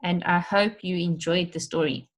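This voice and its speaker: A woman's voice: fairly low pitch, fairly even intonation, moderate pace. A woman teacher giving an online lesson for children, explaining step by step and stretching out words to show their syllables.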